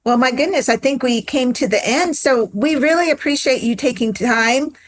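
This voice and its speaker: Upbeat woman co-host with a higher voice. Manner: upbeat and encouraging, quick affirmations. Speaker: podcast co-host. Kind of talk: casual interview chat.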